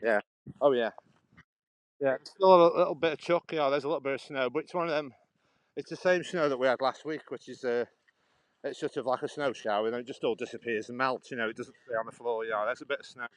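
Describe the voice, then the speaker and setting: Fast-talking and medium-pitched, a man from Stoke-on-Trent, England, livestreams a canal walk, rambling, laughing often and answering viewer comments. He holds the phone as he goes, and the recording is dry.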